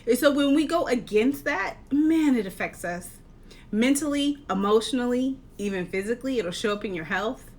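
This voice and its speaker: A woman life coach giving an earnest, encouraging talk, posing rhetorical questions with measured, deliberate delivery. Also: on the high side, expressive. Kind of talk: motivational talk to camera.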